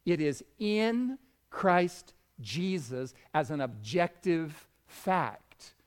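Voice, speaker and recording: A man's voice: on the high side, animated, drawn-out words, clear, resonant tone. A man preaching a sermon in an earnest manner, growing emphatic as he speaks.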